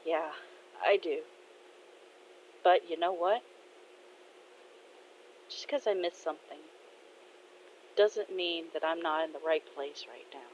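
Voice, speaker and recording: A woman voicing a gentle, goofy middle-aged father who speaks softly and reflectively. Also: low-pitched, slow, long pauses. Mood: wistful. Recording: dull lo-fi audio with faint noise.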